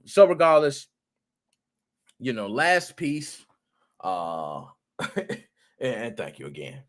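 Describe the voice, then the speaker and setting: A man hosting a gaming podcast, talking in an animated, excitable way with playful rants and cursing. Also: high voice. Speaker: podcast host. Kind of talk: casual commentary podcast.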